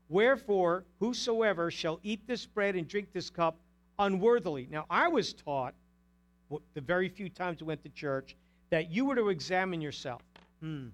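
A male pastor preaching an emphatic sermon, asking the congregation pointed rhetorical questions. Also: sits high.

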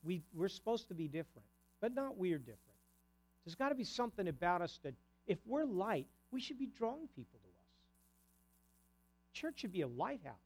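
A man preaching a sermon to his congregation, swinging between loud declarations and soft conversational asides. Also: sits high, very animated, fairly quick. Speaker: pastor.

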